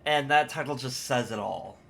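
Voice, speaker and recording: A man hosting a reaction commentary, unhurried as he talks over clips. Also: mid-range voice, vocal fry, a bit bright. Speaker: commentary host.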